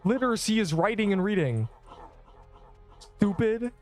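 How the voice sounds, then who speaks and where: A young male game streamer with a slightly higher voice, riffing and teasing his chat in loose, sarcastic banter. Faint music plays under his talk. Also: expressive, unhurried. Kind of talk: casual live-stream chat.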